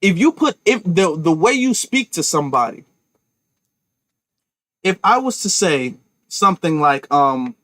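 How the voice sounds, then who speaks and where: A man's voice: fairly high pitch, lively intonation, measured pace, long pauses, pushed and bright, no echo. A man giving emphatic political commentary to his viewers, with lots of restarts. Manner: emphatic, talks to viewers directly, repeats and restarts. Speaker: commentary channel host.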